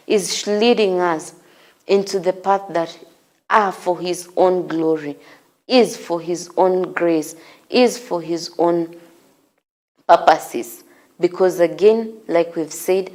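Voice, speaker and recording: A woman hosting a morning devotional, preaching slowly with repeated, encouraging exhortations. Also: lowish voice, a little mellow. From Kenya. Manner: slow, repetitive, encouraging exhortation. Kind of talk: sermon.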